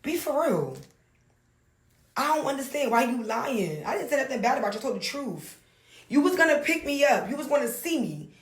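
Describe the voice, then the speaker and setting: A woman's voice: sits high, very animated, moderate pace, slightly rough, dry recording. A woman telling her side of a dating story in a casual, indignant rant, reading messages aloud.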